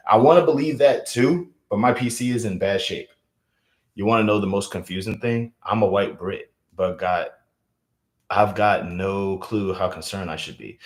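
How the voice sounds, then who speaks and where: Rambling low-voiced man streaming. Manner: rambling, full of fillers. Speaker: live streamer. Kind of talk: casual live stream chat. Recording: roomy echo.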